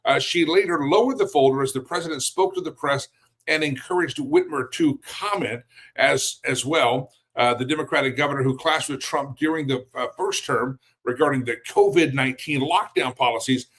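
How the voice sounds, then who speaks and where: A man's voice: medium pitch, moderate pace, fairly bright tone, poor audio. A man hosting a daily news show, giving blunt, mocking opinion commentary with chuckles between remarks.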